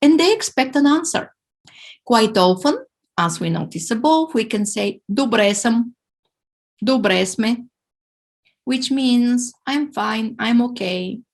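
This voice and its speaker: A woman leads a language lesson, sounding out words slowly and carefully so learners can repeat them. Her voice is a little high and animated.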